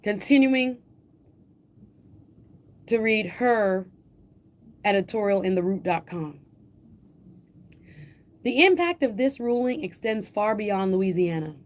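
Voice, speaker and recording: Woman show host, Jamaican accent, mid-pitched voice, reads an editorial aloud with emphatic slowed stresses and adds her own comments. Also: lively intonation. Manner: emphatic, slows and lifts pitch on key phrases.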